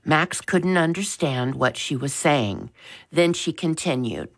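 A woman reads a children's storybook aloud at an unhurried pace. Her voice sits low for a woman, yet it swings expressively through the sentences. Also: animated, creaky. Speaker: audiobook narrator. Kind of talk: storybook narration.

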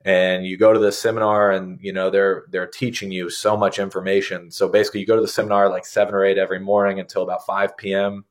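A man in his thirties, a guest telling his story in a relaxed, conversational way and often saying "man". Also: deep voice, fast talker, few pauses. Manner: laid-back, conversational, says "man" often. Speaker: interview guest. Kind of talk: casual storytelling interview.

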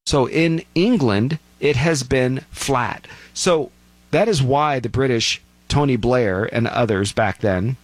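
A man talking in an animated, storytelling way, jumping up in pitch when he acts out what others say. His voice sits in the middle range. The sound is dry and close. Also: takes it slowly, no echo. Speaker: speaker giving commentary. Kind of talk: casual talk.

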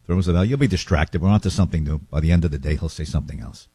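A man's voice: rumbling low, racing, vocal fry, mellow, slightly rough, no echo. A man hosting a talk show, chatting in a rambling, wry way. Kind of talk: casual chat.

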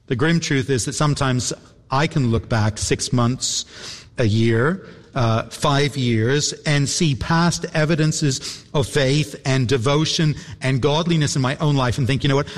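A man preaching a sermon, earnest and reflective, repeating phrases and pausing for effect. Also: medium pitch. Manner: earnest, reflective, with repetitions and dramatic pauses. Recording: long hall reverb.

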